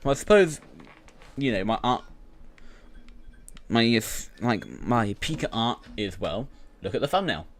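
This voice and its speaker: A man's voice: mid-range voice, very animated, a little slow, long pauses. A British man who is a YouTuber, rambling through casual gaming commentary full of fillers and restarts.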